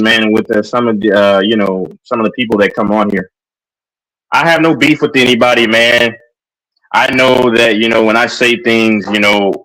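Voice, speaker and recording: A man's voice: mid-range voice, bright, forceful tone, rough recording. A man with a Texan accent, hosting a live stream in hyper, rambling casual chat while on a sugar rush. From Texas. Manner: hyper and rambling, with many fillers.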